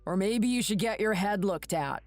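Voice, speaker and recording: A woman voicing a rude, bitter adult son in an animated story, speaking curtly and with contempt. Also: mid-range voice, normal speed, no room sound, soft background music, close to an everyday voice. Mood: scornful. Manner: curt, contemptuous.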